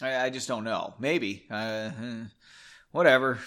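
A man's voice: mid-range voice, measured pace, fairly bright tone. A man reading his own novel aloud as a show host, breaking off for chatty, irreverent asides and casual swearing. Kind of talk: book reading mixed with offhand commentary.

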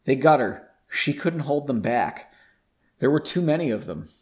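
A man voicing a steady young male companion who talks firmly and urgently. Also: mid-range voice, unhurried, natural voice.

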